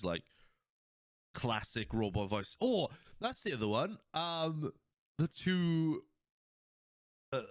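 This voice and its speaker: Medium in pitch, a male podcast host rambles casually through scenes from an episode, quoting characters, swearing, and laughing as he goes. His talk is full of fillers and false starts. The audio is studio grade with no room sound.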